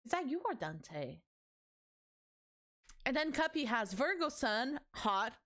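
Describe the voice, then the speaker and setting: A young woman streaming live, chatting loosely with her viewers. Her voice sits a little high and swings up and down a lot as she jokes. She is excitable and teasing, swears freely and laughs often. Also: slow. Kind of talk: casual livestream chat with viewers.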